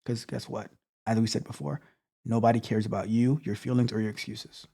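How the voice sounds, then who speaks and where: A man's voice: mid-range voice, fairly even intonation, fairly quick, creaky, dark tone. A man coaching viewers in a blunt motivational talk, restarting words often and repeating his points. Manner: blunt, repetitive, stammering restarts. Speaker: tech coach.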